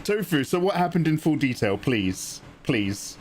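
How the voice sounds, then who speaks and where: A man's voice: fairly high pitch, very animated, unhurried, darkish tone, slightly rough. A young man chatting casually on his art livestream, joking and laughing at his own stories. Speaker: art streamer.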